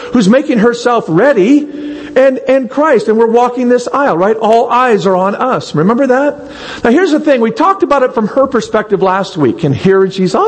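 A man's voice: very high voice, in a large hall, poor audio. A man preaching a sermon in a church, asking the congregation rhetorical questions and acting out little quotes. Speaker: pastor.

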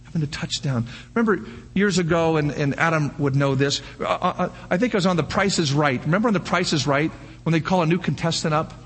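An older man preaching a sermon, firing off rhetorical questions and breaking into animated shouts. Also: a little high, brisk, slightly rough. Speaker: pastor.

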